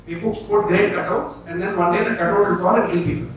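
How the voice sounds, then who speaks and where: A man teaches an audience in a public talk and panel answer, leading them through movement drills and checking in with "okay?" and "right?". He talks fast in a high, steady voice. The recording comes from a very echoey hall with a distant mic and slight background noise.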